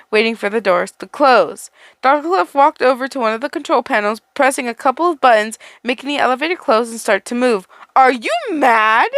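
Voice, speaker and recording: A woman's voice: fairly high pitch, fairly bright tone, dry recording. A young woman who hosts a channel, reading a fan story aloud and then chatting casually, with fillers and light laughs.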